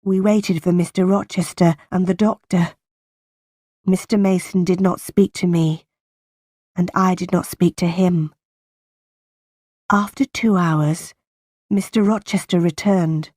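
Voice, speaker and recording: A woman narrating a simplified audiobook in a slow, plain and deliberate reading voice. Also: on the low side, fairly even intonation, dark tone, dry recording, clean studio sound. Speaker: audiobook reader.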